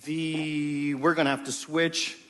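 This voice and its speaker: Male pastor, high lively voice, storytelling sermon, long reverb from a large church hall. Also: slow pace. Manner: storytelling, animated, repeats words, calls "amen?".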